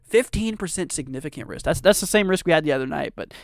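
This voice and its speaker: A young man talks through a live weather stream in a loose, rambling way, full of fillers and restarts. His voice sits a little high and swings widely in pitch, with a gravelly edge. The sound is dry and close, like a desk mic. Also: animated, quick pace, no echo. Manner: rambling, many fillers and restarts, reads viewer chat aloud. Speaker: weather livestream host. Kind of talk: casual live weather commentary.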